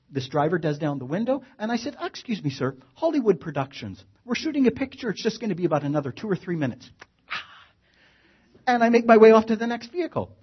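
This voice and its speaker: A man telling a funny personal story in an animated, wry way, acting out the action. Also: on the high side, breathy edge, highs cut off. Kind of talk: live comic storytelling.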